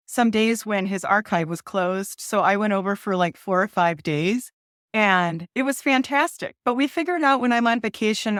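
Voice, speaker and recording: A woman, a guest author chatting in an interview, excitable and quick to laugh. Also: mid-range voice, no echo, clean studio sound. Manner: bubbly, laughs often, excitable. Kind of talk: casual interview chat.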